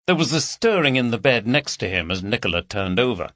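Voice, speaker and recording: A man narrating a crime audiobook in an expressive, lively reading. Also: mid-range voice, fairly quick, few pauses, dry recording.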